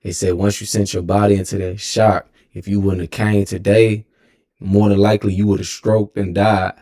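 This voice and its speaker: Streamer, Texan man, twenties, deep gravelly voice, loose profane storytelling. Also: flat delivery, moderate pace, dark tone. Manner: rambling and profane, with frequent self-corrections. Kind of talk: casual storytelling.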